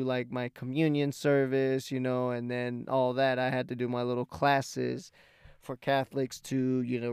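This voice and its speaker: A young man telling a rambling, profane story about his life in a casual, animated way. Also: a little high, clear, resonant tone, dry recording, studio quality. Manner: profane, rambling, animated when he gets heated.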